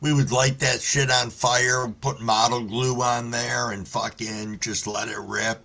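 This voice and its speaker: Bright-voiced laid-back male streamer. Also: mid-range voice, flat delivery, measured pace, vocal fry. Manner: laid-back storytelling, heavy swearing; greets viewers by name. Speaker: livestream host reading chat. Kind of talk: casual live-stream chat.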